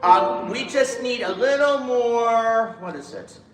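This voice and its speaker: A man's voice: extremely high pitch, expressive, slow pace, fairly bright tone, reverberant, long reverb tail. A man directing a choir rehearsal, giving instructions and singing lines himself to show how they should go. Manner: demonstrates lines by singing, counts in.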